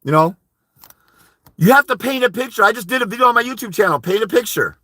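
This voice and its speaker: Fast-talking and animated, this high-pitched man has a pushed, bright voice on a dry recording. As host of a live legal-advice stream, he bluntly and emphatically urges listeners to challenge the court, mimicking timid speakers with a mumbled "wah wah."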